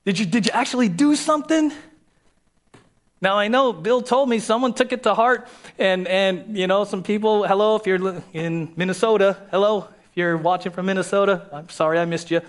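Pastor preaching in a conversational way. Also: male voice, high voice. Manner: conversational, repeats key phrases, acts out quoted voices. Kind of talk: sermon.

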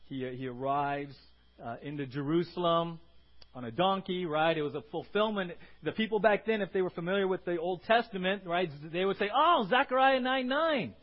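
A man preaching to his congregation in an animated way, often checking in with "right?" and bursting into acted shouts. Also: fairly high pitch, fairly quick. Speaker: pastor. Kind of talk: sermon. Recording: muffled lo-fi sermon recording.

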